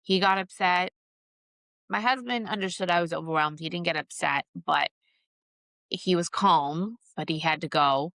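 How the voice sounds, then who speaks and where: A woman's voice: on the low side, normal speed, a bit bright, no room sound. A middle-aged woman hosting a podcast, telling a personal story candidly and with feeling. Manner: candid, emotional, reenacts her own outbursts. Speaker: podcast host.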